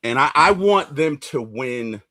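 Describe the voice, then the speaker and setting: A man's voice: mid-range voice, a little slow, no room sound, studio quality, soft background music. A man hosting a casual sports fan livestream, talking with rising emotion about his team. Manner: emotional, voice swelling when excited. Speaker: podcast host.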